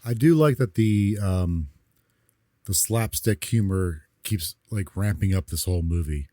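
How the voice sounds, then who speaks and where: A man's voice: sits low, measured pace, mellow, no echo, studio quality. A man co-hosting a podcast, chatting casually about a movie with wry asides. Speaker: podcast co-host.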